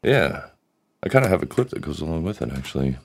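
A very deep-voiced man hosts a podcast in relaxed chat. His pitch swings widely as he jokes with his co-host. He sounds loose and unscripted. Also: quick pace, vocal fry. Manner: jokey, slips into put-on British and deep voices. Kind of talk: casual chat.

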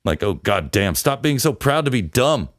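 Low-voiced man, blunt and profane. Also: sing-song, moderate pace, dry recording. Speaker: podcast host. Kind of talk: casual podcast chat.

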